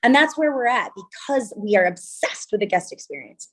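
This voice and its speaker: A woman in her thirties from California, a venue owner telling stories in an interview, chatty and animated with lots of quoted dialogue. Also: mid-range voice, normal speed. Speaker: venue owner and wedding designer. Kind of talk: interview conversation.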